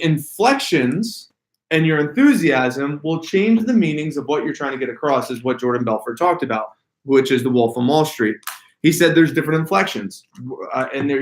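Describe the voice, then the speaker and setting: Running a sales workshop, this slightly high-voiced man is animated and casual, hitting individual words to demonstrate how emphasis changes meaning. The room has an echo.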